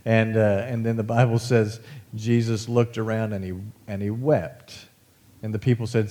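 A man with a low, warm voice delivers a sermon in a loose, conversational way. He slips in folksy asides and fillers, as if he is chatting with his congregation rather than lecturing them. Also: level tone, moderate pace. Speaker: pastor. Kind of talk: casual sermon.

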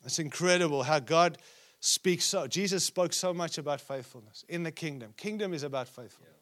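A man preaching a sermon at a conference, acting out scripture quotes and dropping to a hush at times. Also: fairly high pitch, fairly quick. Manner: preaching with sudden drops to a hushed voice; acts out quoted speech from scripture stories. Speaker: conference speaker. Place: conference hall.

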